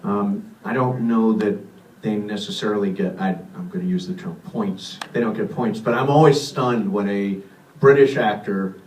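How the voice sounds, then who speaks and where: Relaxed male moderator in an echoey theater. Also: fairly low pitch, normal speed. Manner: relaxed, conversational, repeats audience questions. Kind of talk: moderating a screening Q&A. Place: cinema theater, audience present. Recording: echoey theater, far from mic, faint hiss.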